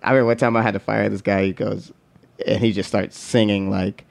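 A man chatting casually, telling lively, profane work stories and jumping into high voices when he quotes people. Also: fairly quick, creaky, no echo. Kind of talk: casual storytelling chat.

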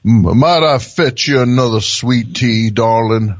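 A man's voice: mid-range voice, a little slow, no room sound, natural voice. A man putting on the voice of a man posing as a folksy Southern home cook, drawling, overly gracious, calling everyone darling. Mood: syrupy. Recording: dry, slightly dull audio.

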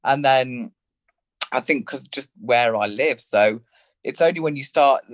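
A man's voice: mid-range voice, a little slow, no echo. A man in his thirties with an English Midlands accent, a podcast guest chatting in a camp, theatrical way. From England. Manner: camp and theatrical, calls people darling. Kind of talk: casual chat.

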